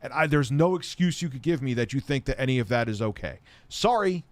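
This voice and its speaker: A man talks off the cuff on a live stream, blunt and rambling, and swears freely when he gets worked up. His pitch is average for a man. The sound is dry and close, with no room echo. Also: expressive, brisk. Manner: blunt, rambling, heated and profane. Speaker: tech YouTuber answering viewer questions. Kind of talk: casual live-stream chat.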